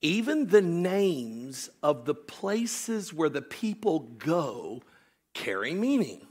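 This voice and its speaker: A man preaching a sermon, animated, swinging from shouted storytelling to hushed joking asides with his congregation. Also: fairly high pitch, takes it slowly, husky. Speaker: pastor.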